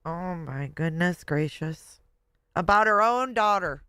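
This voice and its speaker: A woman's voice: fairly low pitch, expressive, slow pace, fairly bright tone, clean tone, dry recording, studio quality. A woman reacting to a clip with blunt, sarcastic commentary and frequent swearing. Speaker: reaction video host. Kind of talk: snarky commentary.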